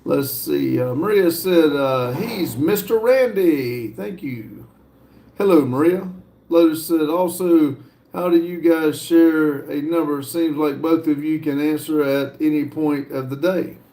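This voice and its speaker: A man's voice: on the high side, unhurried, warm tone. A middle-aged man with a North Carolina accent, hosting a casual livestream and reading viewer comments aloud in an easygoing, drawling way with many fillers. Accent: Southern US, North Carolina. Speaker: livestream host reading chat. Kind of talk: casual live chat.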